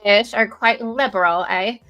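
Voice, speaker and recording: Bright-voiced chatty woman co-host. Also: a little high, normal speed. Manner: chatty, giggly, reads news aloud with asides. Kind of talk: casual political commentary. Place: home, virtual background. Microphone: video call.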